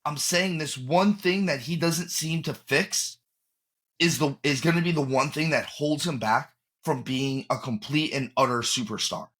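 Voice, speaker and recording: A man's voice: on the high side, unhurried, fairly bright tone. A man co-hosting a podcast in casual chat, opinionated and emphatic, often restarting his sentences. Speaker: podcast co-host.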